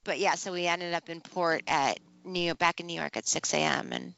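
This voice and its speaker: A woman chatting casually as a podcast co-host, telling stories with lively acted-out reactions. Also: lowish voice, a little fast, vocal fry, smooth, no echo. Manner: animated storytelling, acts out her own reactions. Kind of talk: casual chat. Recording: dull, slightly lo-fi dry sound.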